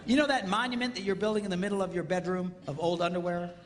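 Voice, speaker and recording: A man giving a comedic marriage seminar on stage in a large hall, playful and animated, acting out little quotes and sound effects. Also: high voice, fast talker, background noise. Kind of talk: comedic live seminar talk. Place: large hall with live audience.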